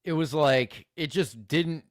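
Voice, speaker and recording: A man's voice: fairly high pitch, slow pace, dry recording, studio quality. A man hosting a live stream, chatting casually with viewers in a crude, joking, rambling way, swearing often. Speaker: streamer host reacting to videos.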